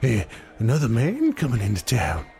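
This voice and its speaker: Man spinning a rambling tall tale, lively pitch, gravelly fry, lots of fillers, faint music behind. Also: normal speed. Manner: meandering, many uh fillers. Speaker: storyteller.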